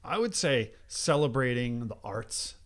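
A young adult man co-hosts a casual podcast in a mid-range voice. He talks slowly and without hurry, and keeps his jokes relaxed. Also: medium pitch. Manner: unhurried, laid-back joking. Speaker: podcast co-host. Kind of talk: casual chat.

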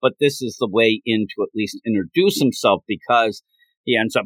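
A man's voice: fairly low pitch, no echo, rough recording. A man hosting a podcast, chatting casually about a comic and acting out its lines with laughs. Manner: animated retelling with quick acted quotes and laughs. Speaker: podcast host. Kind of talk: casual manga discussion.

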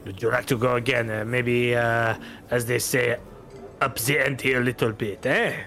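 A man's voice: medium pitch, little pitch movement, moderate pace, bright, forceful tone, soft background music. A man voicing a boastful foreign gambler with a French accent and showy, wheedling talk.

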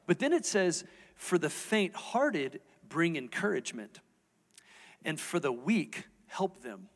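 A middle-aged man, a lead pastor, preaching a sermon from a church stage in a candid, conversational way, asking the audience questions. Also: on the high side. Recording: reverberant church hall.

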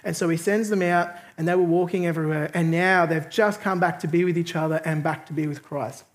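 Male pastor with a high voice, chatty storyteller who laughs easily while preaching. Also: fairly even intonation, a little fast. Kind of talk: storytelling sermon.

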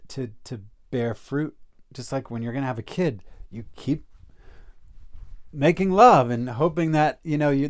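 A man speaking in a loose, conversational way about personal growth. He tells a story animatedly, lifting his voice when he quotes people. His voice sits in a middle pitch. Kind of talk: reflective casual talk, storytelling.

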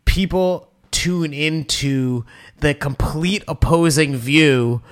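A man's voice: fairly high pitch, slow. Laid-back male podcast co-host. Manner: relaxed, agreeable listener with short responses and hesitant restarts. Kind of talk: casual chat.

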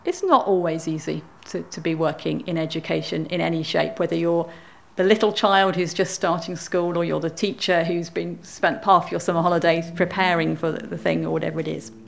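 A woman's voice: lowish voice, steady tone, brisk, gravelly, hardly any pauses, a little hiss or hum. Female worship leader, informal, talks with the congregation. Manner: informal, chatty address to the congregation. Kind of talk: leading a church service.

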